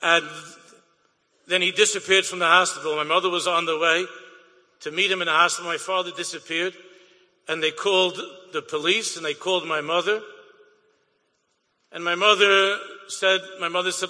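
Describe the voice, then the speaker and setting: Bright, high-voiced male storyteller. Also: normal speed, long pauses. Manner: animated, repetitive, sing-song emphasis. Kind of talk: inspirational storytelling. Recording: long hall reverb.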